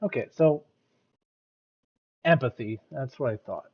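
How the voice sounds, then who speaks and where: A man's voice: medium pitch, unhurried, slightly rough, muffled recording. An American man giving casual reaction commentary, often restarting and repeating words as he thinks aloud. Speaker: reaction streamer.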